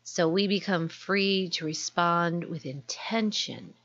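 Low husky woman giving earnest advice. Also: slow pace, fairly bright tone. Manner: earnest and explanatory. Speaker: self-help speaker. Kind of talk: unscripted advice talk. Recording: dull lo-fi recording.

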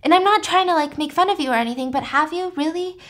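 A woman's voice: high-pitched, fast talker, a bit bright, pitched above the performer's own voice. A woman quoting a scheming young patient. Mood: persuading. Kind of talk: casual recap with quoted lines.

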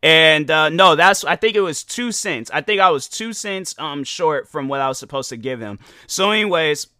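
A young man with a bright, forward voice pitched a little above the usual tells a long story on his podcast. He rambles and restarts with plenty of fillers and keeps it animated. The sound is close and dry, with no room around it. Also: normal speed, clear, resonant tone, dry recording. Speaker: podcast host. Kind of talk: casual storytelling.

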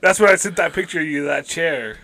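A young man co-hosting a casual comedy podcast, joking around and breaking into loud laughs. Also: a little high, a little fast, gravelly, slight background noise. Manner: jokey, bursts into loud laughter and shouting. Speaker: podcast co-host.

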